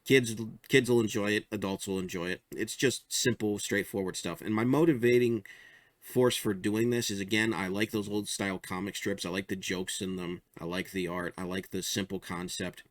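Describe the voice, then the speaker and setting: A low-pitched man chats about his own comic strips in a loose, rambling way, often chuckling at his own jokes. The sound is dry and close, with no room echo. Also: steady tone, normal speed. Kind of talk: casual show-and-tell commentary.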